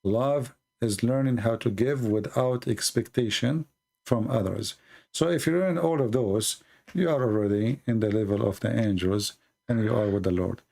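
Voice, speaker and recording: A man explaining his faith to a caller in a slow, deliberate, preaching manner. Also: mid-range voice, vocal fry, warm tone. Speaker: Christian apologist answering a caller. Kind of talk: earnest religious explanation.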